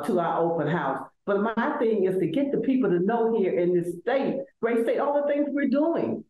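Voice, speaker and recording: Emphatic older Southern woman, echoey room. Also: on the low side. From Selma, Alabama. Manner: emphatic, animated, repeats words as she builds. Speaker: law school administrator, guest. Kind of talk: conversational interview.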